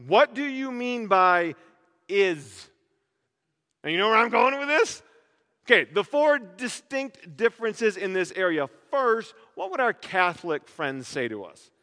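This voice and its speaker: A male pastor preaching with a high, bright voice, animated and full of jokes and rhetorical questions. His voice rings out with the long reverb of a large church hall. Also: moderate pace. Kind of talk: sermon.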